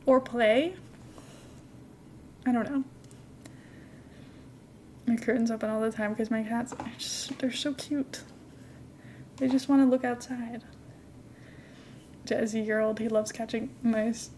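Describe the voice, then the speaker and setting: A young adult woman streaming a game from home, chatting in a rambling, casual way and cooing softly at her cat now and then. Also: fairly high pitch, steady tone, slow, long pauses, a little hiss or hum. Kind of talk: casual live-stream chat while gaming.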